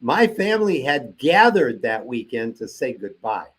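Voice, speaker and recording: Older man telling a lively story. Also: medium pitch, unhurried, husky. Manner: animated storyteller acting out quoted dialogue. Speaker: interview guest. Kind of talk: storytelling in a casual interview.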